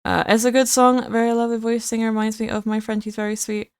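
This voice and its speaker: A young woman chats casually and playfully while live-streaming a game, often repeating words for emphasis. Her fairly high voice stays level in tone and moves quickly, recorded cleanly in studio quality with no room sound.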